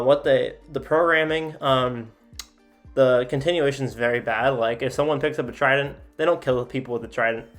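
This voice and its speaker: A man casually reading out simulation events as a sports video host, with frequent filler sounds and offhand asides. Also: mid-range voice. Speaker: sports YouTuber.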